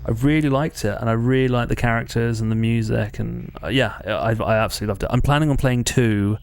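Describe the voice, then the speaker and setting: A man chatting casually while streaming a game. His voice has a gravelly fry, and he rambles and corrects himself as he goes. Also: medium pitch, a little fast. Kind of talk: casual let's-play chat.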